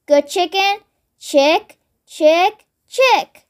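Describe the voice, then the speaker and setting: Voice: very high-pitched, expressive, normal speed, a bit bright. A child reading a storybook aloud, voicing an inventive young boy who talks in a thoughtful, coaxing way.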